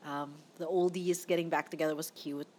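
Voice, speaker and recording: A woman's voice: deep voice, steady tone, brisk, a little mellow, slight background noise. A young woman hosting a casual movie-review podcast, chatty and opinionated. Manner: chatty, opinionated, laughs often. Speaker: podcast host.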